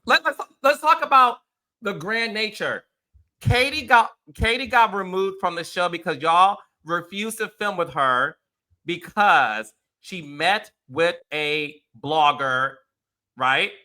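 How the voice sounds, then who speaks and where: A man hosts a casual reality TV recap in a high, very bright voice. He is blunt and emphatic, leaning into sarcasm. He swears freely while calling out the cast. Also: expressive, slow. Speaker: host.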